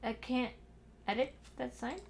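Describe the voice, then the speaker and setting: A woman's voice: fairly high pitch, fairly even intonation, unhurried, vocal fry, slight background noise. A young woman streaming a building game from her desk at home, muttering to herself and scolding her cat in exasperated asides. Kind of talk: casual livestream chat while building in a game. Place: home room at a computer.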